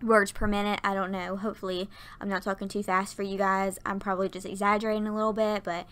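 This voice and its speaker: Over a desktop USB mic at her workplace, a woman in her twenties gives a chatty, rambling voiceover of her Sims build, laughing often while tired and out of breath. She talks fast in a mid-range voice with little pitch movement, a bit bright and clean.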